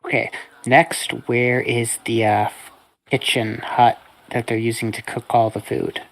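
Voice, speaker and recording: A tabletop game player who lays out their character's actions in a matter-of-fact way. The voice sits at an ordinary, middle pitch. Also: flat delivery, unhurried, rough recording. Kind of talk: casual tabletop game play.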